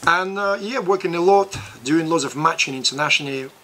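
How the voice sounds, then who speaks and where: A man's voice: fairly high pitch, brisk, slight background noise. A man in his forties with a Russian accent, talking loosely and animatedly as a boxing promoter being interviewed. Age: 40s. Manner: animated, laughs often, loud voice. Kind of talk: casual interview.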